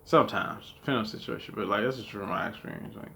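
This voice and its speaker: Guy rambling over a game, tons of "like"s, cursing and laughing, bright crisp voice with some fry. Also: on the low side, racing, slight background noise. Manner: rambling, filler-heavy, profane; laughs often mid-sentence. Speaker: gaming channel host. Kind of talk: casual gameplay commentary.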